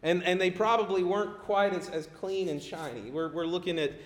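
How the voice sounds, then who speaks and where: A middle-aged man preaching a sermon in a conversational way. He gets animated when he acts out people pleading. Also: high-pitched, brisk. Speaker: pastor. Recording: echoey room.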